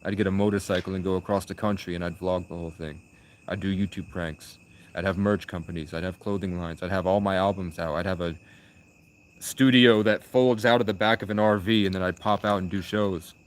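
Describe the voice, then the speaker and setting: Young male streamer, lowish voice, rambling stream-of-thought chat with loud flare-ups. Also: steady tone, fairly quick, slight background noise. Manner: rambling, restarts, loud bursts. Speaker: livestreamer. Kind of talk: rambling casual livestream chat.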